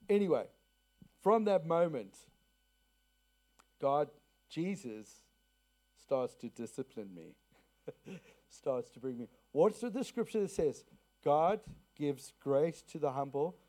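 A man's voice: fairly high pitch, mellow. A man from South Africa preaching a sermon to a congregation, telling a personal story, asking the listeners questions and repeating key phrases. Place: church to a congregation.

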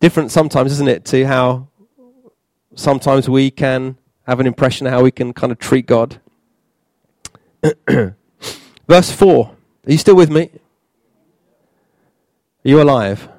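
A man preaching a sermon in a church, halting, with many fillers and restarts. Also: medium pitch, a little mellow, dry recording.

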